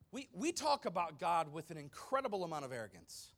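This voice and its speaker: Pastor guy preaching, kinda high voice, gets super dramatic, goes quiet then loud, talks right to the crowd. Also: sing-song, a little fast, hardly any pauses. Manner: dramatic, emphatic, swings from hushed to loud; addresses the congregation directly. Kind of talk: sermon.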